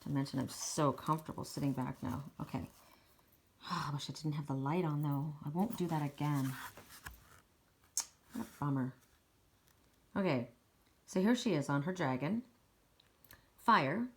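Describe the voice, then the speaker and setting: A woman's voice: sits low, a little slow, pauses often, a little hiss or hum. Encouraging woman reading oracle cards. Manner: encouraging, emphatic, chatty. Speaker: oracle card reader. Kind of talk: casual spiritual card reading.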